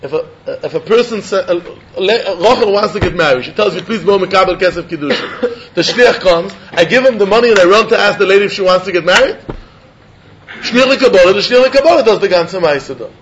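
A man leads a Talmud study lesson in a high voice. He reasons out loud with animated energy, chuckling and stumbling over repeated words. The recording sounds muffled and lo-fi. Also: fast, slight background noise. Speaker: Talmud teacher. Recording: dull lo-fi recording.

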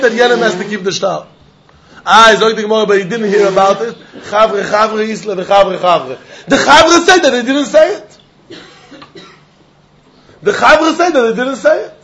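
Yeshivish guy giving a gemara shiur, kinda high voice, sing-song, muffled lo-fi recording. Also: normal speed, a bit bright. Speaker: Talmud teacher. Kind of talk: Talmud class lecture.

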